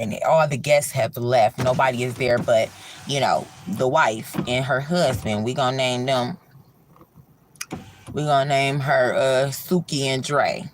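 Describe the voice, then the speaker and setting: Over slight background noise on a livestream mic, a host recounts a horror story casually, with lots of fillers. The voice sinks low and quiet to build suspense.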